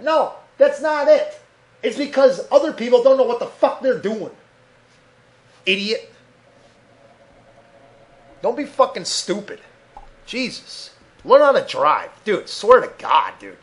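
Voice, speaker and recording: A man's voice: very high voice, sing-song, unhurried. A man hosting a solo podcast, ranting angrily and profanely, mocking other people in put-on voices, recorded on a desk mic at his computer. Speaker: podcast host.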